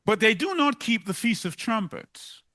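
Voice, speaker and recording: A man's voice: high voice, very animated, moderate pace, sharp tone. A man preaching a sermon, emphatic and driving points home by repeating them.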